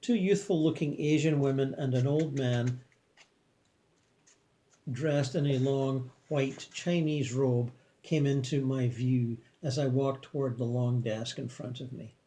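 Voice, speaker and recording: A man calmly reading a first-person afterlife story in a measured way. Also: mid-range voice. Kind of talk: scripted first-person narration.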